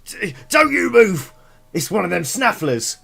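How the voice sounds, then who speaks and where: A man voicing shouty suspicious kobolds. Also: high voice, very animated, a little slow, creaky, slightly rough, soft background music, pitched above the performer's own voice, full character voice. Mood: agitated, accusing. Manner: blustering, shouty, coarse slang. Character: band of small suspicious armed kobolds.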